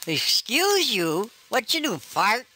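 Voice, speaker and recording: A woman's voice: medium pitch, very animated, normal speed, pushed and bright. A woman voicing a cranky, foul-mouthed older man on a prank phone call, impatient and swearing. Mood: furious. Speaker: scam baiter.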